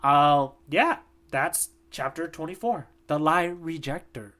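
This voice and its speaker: A man's voice: on the high side, slow, sharp tone. A man co-hosting a podcast, recapping a manga chapter in loose, casual talk full of asides.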